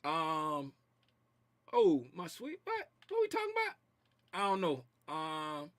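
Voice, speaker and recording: A man's voice: on the high side, wildly swooping pitch, takes it slowly, a bit bright, no echo. A man hosting a casual trading livestream, reading viewer comments in a loose, slangy way and repeating his phrases. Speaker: trading stream host.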